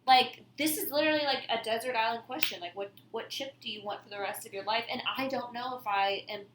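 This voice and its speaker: A woman's voice: on the high side, quick pace, background noise. A woman guesting on a podcast, chatting in an easygoing way and laughing often. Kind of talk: casual podcast chat. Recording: echoey room.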